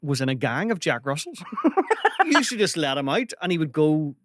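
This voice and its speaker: A Northern Irish comedian, a man, chatting as a guest on a comedy podcast, quick and jokey with self-deprecating banter. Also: a little high, wildly swooping pitch, a bit bright, no echo, studio quality. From Northern Ireland. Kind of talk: casual podcast chat.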